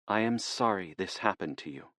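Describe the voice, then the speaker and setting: A man reading an audiobook, voicing a calm, compassionate young goddess. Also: sits low, moderate pace, no room sound.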